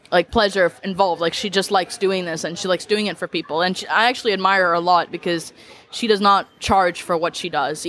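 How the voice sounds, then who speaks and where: Young woman, podcast guest, casual chat, chatty, many filler words, quick to laugh. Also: fairly low pitch, a bit bright, slight background noise. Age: young adult. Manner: chatty, leans heavily on "like" fillers, laughs easily.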